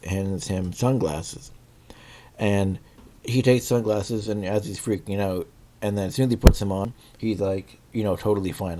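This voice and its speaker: A man giving a casual, rambling spoken review, with many fillers, restarts and pauses while he searches for words. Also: lowish voice, warm tone. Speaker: video reviewer.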